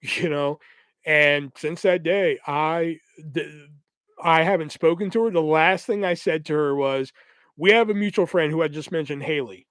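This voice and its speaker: A man's voice: fairly high pitch, moderate pace, smooth, dry recording. A young man hosting a podcast, telling a long story in casual, profane speech and acting out the quoted lines of the people in it. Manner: profane, animated retelling with quoted voices. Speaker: podcast host.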